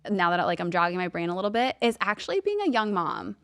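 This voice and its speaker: A woman in her thirties with a light Long Island accent talks through a casual podcast chat, peppering her speech with "like." Her voice is smooth and clear, and the sound is dry and close. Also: medium pitch, very animated, fairly bright tone, no echo. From Long Island, New York. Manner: chatty, many "like" fillers, quick laughs. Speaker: podcast guest, TV lifestyle host.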